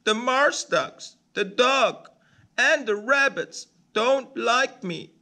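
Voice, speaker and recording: A man's voice: extremely high pitch, expressive, takes it slowly, pushed and bright, voice pushed up, exaggerated voice. A man voicing a sad, lonely little male duckling in a storybook reading, plaintive and childlike.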